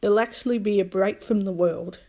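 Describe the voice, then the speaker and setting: A woman talking straight to camera in a loose, rambling vlog. Her voice is mellow and warm. She swears freely, circles back to the same points and speaks bluntly. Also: mid-range voice, moderate pace. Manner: blunt, heavy swearing, repeats herself. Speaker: vlogger. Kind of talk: casual rambling monologue.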